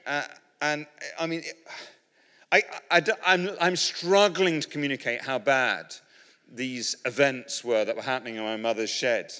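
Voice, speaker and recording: A British preacher tells stories in a rambling, self-mocking sermon full of restarts. His voice sits at an ordinary middle pitch. Long reverb from a big hall trails behind every phrase. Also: moderate pace, bright, forceful tone, clean tone. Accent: British English. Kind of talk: humorous sermon storytelling.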